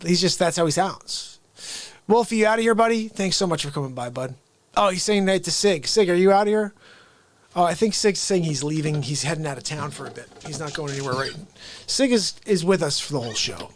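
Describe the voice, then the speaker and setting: A man's voice: on the high side, lively intonation, brisk. A man hosting a casual comedy livestream, playful and rambling as he chats. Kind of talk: casual live-stream chat.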